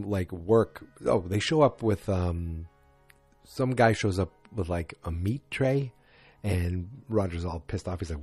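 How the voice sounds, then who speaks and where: A man's voice: sits low, unhurried, a little mellow, husky, no room sound, soft background music. Rambling man recapping a TV episode. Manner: rambling, with many fillers and quoted voices. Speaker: show recapper.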